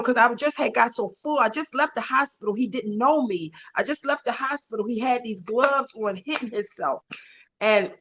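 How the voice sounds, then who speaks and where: Animated, emotional woman caregiver storyteller. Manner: animated, voice jumps high when reliving moments. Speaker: stroke survivor's wife and caregiver. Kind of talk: emotional personal storytelling in an interview.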